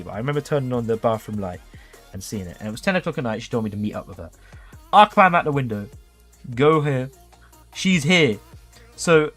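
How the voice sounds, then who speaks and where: A man's voice: medium pitch, a bit bright, slightly rough. A man telling a cheeky story on a livestream, keeps checking in with "okay?". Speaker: streamer.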